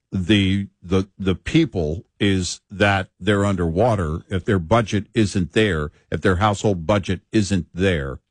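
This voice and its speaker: A man co-hosting a political talk show, making his points forcefully and building them up in lists. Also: on the low side, no echo, clean studio sound. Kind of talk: conversational political commentary.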